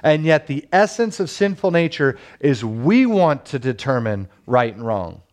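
A man's voice: medium pitch, very animated, unhurried, darkish tone. Emphatic preaching man with rhetorical questions. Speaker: pastor. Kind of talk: sermon.

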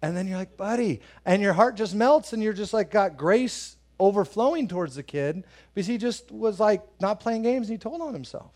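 A man's voice: high voice, lively intonation, a little fast, few pauses, darkish tone. A man preaching a sermon in a conversational way, telling personal stories, acting out voices when he quotes people, and asking the congregation questions. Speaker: pastor.

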